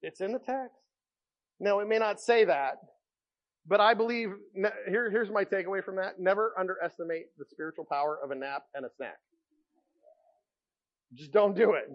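High-voiced preacher guy telling bible stories, gets loud then real quiet, kinda muffled sound. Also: normal speed, long pauses. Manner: animated storytelling, wide swings from loud to hushed. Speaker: pastor. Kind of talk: sermon.

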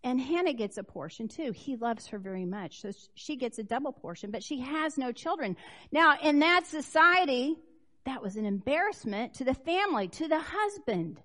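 High, lively woman preaching a sermon. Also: moderate pace. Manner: expressive storytelling, swings between loud emphasis and hushed asides.

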